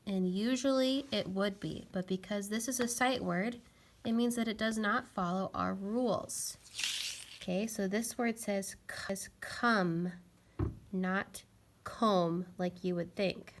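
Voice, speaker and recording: A woman's voice: mid-range voice, unhurried, slight background noise. A woman teaching a phonics lesson to young children, patiently sounding out letters and words.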